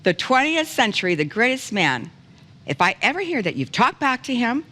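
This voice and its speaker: A woman's voice: fairly high pitch, very animated, normal speed, a bit bright, pitched above the performer's own voice. A woman putting on the voice of her big, stern father as he lectures his daughter, in an emphatic, scolding way, in a long-echo studio.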